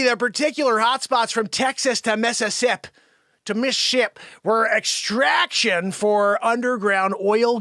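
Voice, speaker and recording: High, bright, excitable man ranting. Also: dry recording, clean studio sound. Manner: loud, excitable ranting with sudden shouts; drops to a low mumble for asides. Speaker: comedy show host. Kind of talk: improvised comedy news bit.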